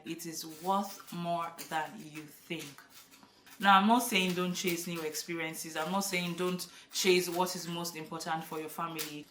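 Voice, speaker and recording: A woman's voice: fairly low pitch, a bit bright, slight background noise. Chatty Nigerian woman in an echoey room. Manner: chatty, emphatic, laughs often. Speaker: vlogger. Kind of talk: casual to-camera vlog. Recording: echoey room, a bit far from the mic.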